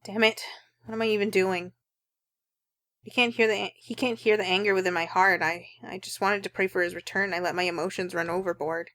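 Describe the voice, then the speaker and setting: A woman's voice: mid-range voice, fairly even intonation, brisk, a bit bright. A woman playing through a visual novel, reading the first-person narration aloud in an earnest, heartfelt way. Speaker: let's play narrator.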